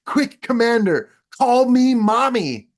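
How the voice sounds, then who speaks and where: A man's voice: extremely high pitch, very animated, takes it slowly, pitched above the performer's own voice, exaggerated voice. A man voicing a goofy male astronaut hero who is eager and urgent, in a comic way.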